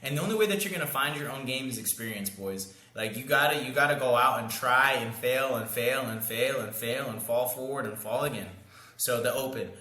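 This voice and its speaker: Young male dating coach, bright, lively and slangy, acting out lines, recorded in a roomy space. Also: medium pitch, fairly quick, faint music behind. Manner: animated, slangy, acts out lines and sound effects. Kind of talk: casual coaching monologue. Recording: echoey room.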